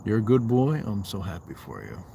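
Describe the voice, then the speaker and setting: A man's voice: lowish voice, huge pitch swings, fairly quick, vocal fry, mellow, slight background noise. A man from the Southwest United States hosting a casual livestream, reading viewer comments aloud and answering them with playful, bantering asides. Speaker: livestream host. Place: outdoors on a walk.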